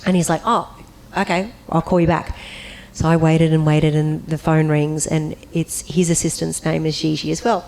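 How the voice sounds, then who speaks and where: Woman telling a lively convention-panel story. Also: moderate pace, vocal fry, hardly any pauses, low-quality recording. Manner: acts out voices, bursts into high laughing squeals. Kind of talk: animated storytelling anecdote.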